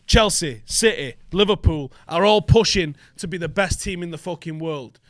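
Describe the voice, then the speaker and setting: A man's voice: fairly high pitch, normal speed, a bit bright, no room sound, studio quality. A young man hosting a football fan vlog, ranting in an angry, sweary, emphatic way. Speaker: football fan channel host.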